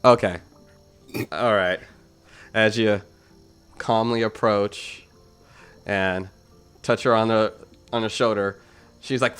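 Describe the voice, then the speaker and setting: A man narrating as game master of a tabletop game, with unhurried pauses and fillers. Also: on the low side, fairly even intonation, fairly bright tone, clean tone, soft background music.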